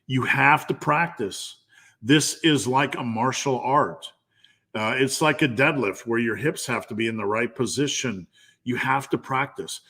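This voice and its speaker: Brief: male strength coach, mid-pitched, blunt and profane, emphatic repetition, live Q&A. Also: fairly bright tone.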